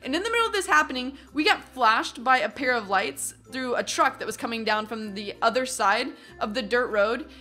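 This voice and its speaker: A young adult woman telling a story from her teens in a casual vlog, animated and acting out what other people said. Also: a little high, a little fast, hardly any pauses, faint music behind. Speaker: vlogger.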